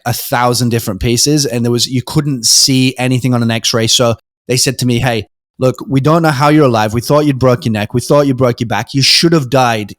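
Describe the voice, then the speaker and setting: A man's voice: mid-range voice, no room sound. Young British man telling a story, dry sound. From Britain. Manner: animated storyteller, acts out quoted voices, frequent ums and restarts. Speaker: podcast guest. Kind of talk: casual storytelling.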